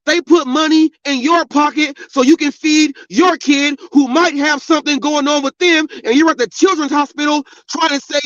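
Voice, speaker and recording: High-voiced man ranting angrily. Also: fairly even intonation, normal speed, hardly any pauses, a bit bright, no echo. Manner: angry, profane, preachy. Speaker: podcast host. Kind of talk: ranting monologue. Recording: dull, lo-fi sound.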